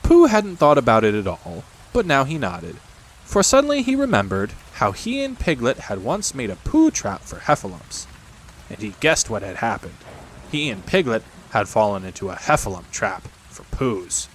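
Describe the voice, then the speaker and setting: Man, bedtime story narrator, gentle expressive reading, very lively pitch, faint rain behind. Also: normal speed, slight background noise, rough recording. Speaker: audiobook narrator. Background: rain sounds.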